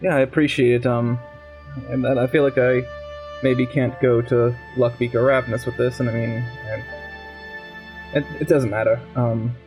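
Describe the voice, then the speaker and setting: A man's voice: mid-range voice, flat delivery, darkish tone, soft background music. Hesitant man talking in character. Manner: hesitant, halting, many ums and restarts. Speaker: player. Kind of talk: in-character role-play.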